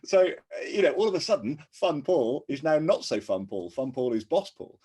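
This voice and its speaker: A man's voice: on the high side, very animated, normal speed, crowd noise. A man co-hosting a podcast, explaining workplace leadership in an earnest, easygoing way that breaks into laughter. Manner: earnest, laughs easily, lots of restarts. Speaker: podcast co-host, ex-army officer. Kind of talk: casual conversational explanation.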